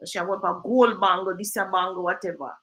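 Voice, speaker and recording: Woman host, bright tone, chatty storyteller with patois. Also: medium pitch, fairly quick, rough recording. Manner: lively storyteller, drifts into patois. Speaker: real estate agent and host. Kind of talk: casual storytelling chat.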